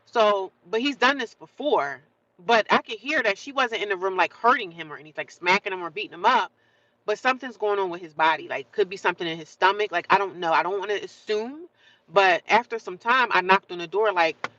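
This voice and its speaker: A woman talks into her phone on a casual livestream, her voice bright and forward. She chats loosely with her viewers, greets them by name and repeats phrases as she works through her thoughts. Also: medium pitch, a little fast, highs cut off. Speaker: livestream host.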